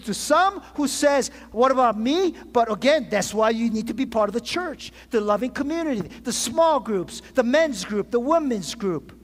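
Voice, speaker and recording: A man pastor preaching a sermon to his congregation, asking for call-and-response amens and often restarting his phrases. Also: high voice. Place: church sanctuary. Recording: long reverb of a large hall.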